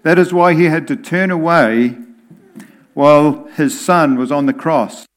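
A man preaching a sermon in a deliberate, emphatic way. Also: fairly high pitch.

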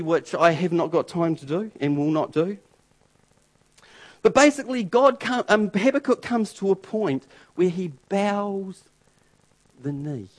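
A male preacher with a notably high voice delivers a sermon with emphatic, dramatic force. He hammers home repeated phrases and lets his volume swing from loud to near-hushed.

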